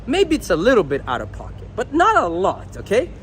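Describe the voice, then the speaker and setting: A man's voice: high voice, wildly swooping pitch, fairly quick, a bit bright, slight background noise. A young man, a dating coach, talking to the camera outdoors in a blunt, crude and unfiltered way. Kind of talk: casual talking-to-camera advice.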